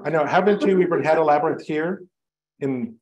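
A male reverend with a fairly high voice moves at a fairly quick pace through his sermon in the church sanctuary. He shares stories with the congregation in a warm, chatty manner, adding light jokes at his own expense.

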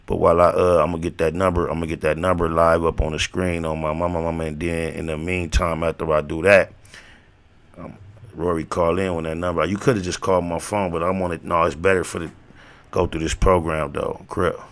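Gravelly low-voiced older man rambling. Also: flat delivery, a little fast. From Los Angeles area, USA. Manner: slangy, rambling storytelling with many fillers. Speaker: host. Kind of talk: casual livestream chat.

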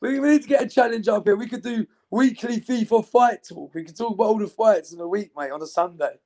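A young man talks in a relaxed, rambling, laddish way. His voice sits a little high and has a gravelly, creaky edge. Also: fast. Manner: laddish banter, loose and rambling. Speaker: interviewee. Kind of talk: casual chat.

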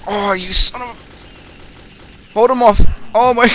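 A young man commenting on his own gameplay, excitable and swearing loudly whenever things go wrong. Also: very high-pitched, slow pace, pauses often, soft background music. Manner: excitable, yelling and swearing at the game. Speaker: gamer. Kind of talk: let's play commentary.

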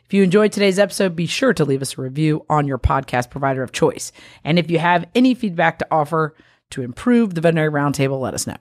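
A woman hosting a podcast, brisk and friendly, opening the show and chatting. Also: deep voice, animated, no echo. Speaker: podcast co-host. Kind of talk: podcast intro and casual chat.

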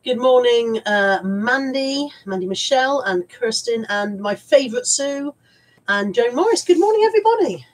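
A woman's voice: a little high, a little slow, poor audio. A woman with a stuffy head cold, chatting in a rambling, self-mocking way on a live stream from home. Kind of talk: casual live-stream chat.

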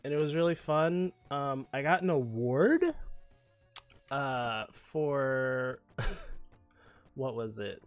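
A man's voice: mid-range voice, expressive, very slow, pauses often, clear, resonant tone, no echo, faint music behind. A man streaming a game, chatting and telling rambling stories in a playful, campy way. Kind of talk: casual game-stream chat.

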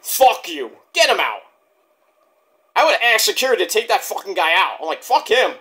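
A man's voice: high voice, sing-song, brisk, sharp tone. A man reviewing a wrestling show in a heated, profane, rambling rant.

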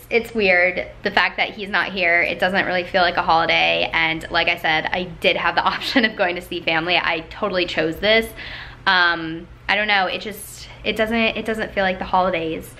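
A woman's voice: lowish voice, fairly even intonation, moderate pace, sharp tone, a little hiss or hum. A young woman vlogging casually at home, chatty and gushing, with plenty of filler "like"s. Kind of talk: casual vlog talk to camera.

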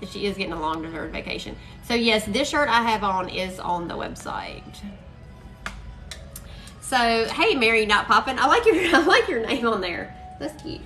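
A woman's voice: a little high, animated, moderate pace, pushed and bright, far from the mic, poor audio. A woman hosting a chatty live-stream crafting demo, bubbly and full of "y'all". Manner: bubbly, says "y'all" and "freaking" a lot. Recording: voice a bit off-mic, faint music behind.

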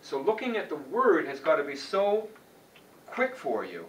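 Teaching a chant class, this man speaks a little slowly in a slightly high voice with huge swings in pitch. He explains informally, restarting and adding asides, and the distant, roomy recording carries faint background noise.

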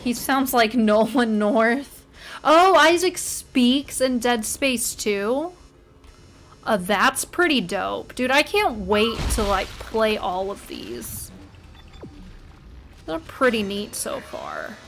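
A woman narrates her own horror-game run in a casual, unhurried way. Her voice sits a little high, and she swears in jumpy outbursts between dry, joking asides. Soft game music runs quietly behind her. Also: sing-song. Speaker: gamer playing a horror game. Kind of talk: casual let's-play commentary.

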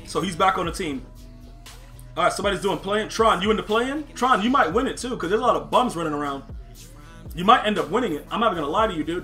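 A man's voice: fairly high pitch, sharp tone. A man streaming a football video game live, talking brashly and casually to his chat, full of slang and trash talk. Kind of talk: live-stream gaming commentary.

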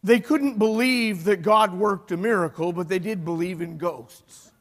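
A male pastor preaching a sermon, retelling a story with animated swings between loud and hushed delivery. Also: high voice, unhurried. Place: church sanctuary. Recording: long hall reverb.

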